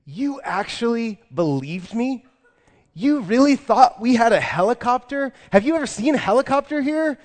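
A man voicing a male store owner who mocks a customer for believing him, loud and incredulous. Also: extremely high pitch, lively intonation, moderate pace, in a large hall, voice pushed up. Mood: mocking disbelief. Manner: incredulous, teasing, rising to near shouts.

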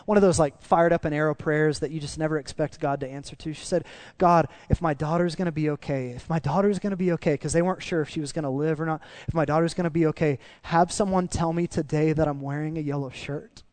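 A male pastor delivers a sermon in a relaxed, storytelling way, earnest and conversational. His voice sits on the higher side for a man, and the sound is close and dry with almost no room around it. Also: fast, hardly any pauses, no room sound. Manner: conversational, earnest, dips soft in emotional parts.

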